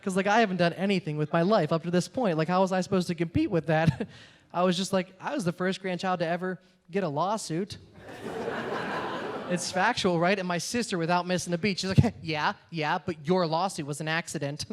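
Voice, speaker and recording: A young male comedian doing stand-up, his voice sitting noticeably high for a man. He talks fast and a little awkwardly, stringing bits together with plenty of "like"s. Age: young adult. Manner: awkward, quick, filler-heavy delivery with many "like"s. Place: comedy stage with a laughing audience.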